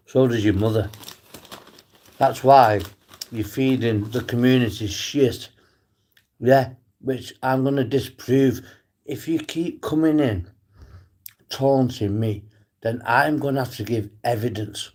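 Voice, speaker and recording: A man's voice: medium pitch, a little slow, pauses often, darkish tone. Defiant man ranting on a livestream. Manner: defiant, swears often, addresses viewers by name. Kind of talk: rambling live stream monologue.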